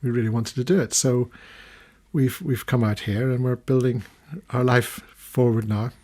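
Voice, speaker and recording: An older man, a retired documentary filmmaker from the United Kingdom, recounting his career as a guest in a long-form radio studio interview, animated and full of restarts. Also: medium pitch, normal speed. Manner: storytelling, animated when recounting, many restarts.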